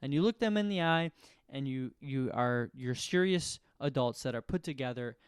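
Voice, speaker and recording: Smooth-voiced man musing through a comic bit. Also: medium pitch, normal speed, dry recording, clean studio sound. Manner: rambling musing, self-questioning, laughs at own jokes. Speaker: comedian. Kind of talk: comic monologue to camera.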